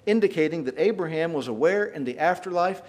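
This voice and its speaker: Emphatic male preacher, slightly high voice. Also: expressive, brisk, darkish tone. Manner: retells scripture dramatically, folksy paraphrase; emphatic, rises in volume for quoted lines. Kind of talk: sermon.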